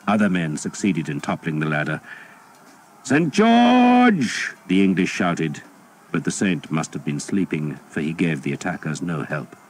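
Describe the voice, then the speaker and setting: A man reading a historical novel as an audiobook, in a steady, measured storytelling voice. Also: low-pitched, a little hiss or hum. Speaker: audiobook narrator. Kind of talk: scripted audiobook narration.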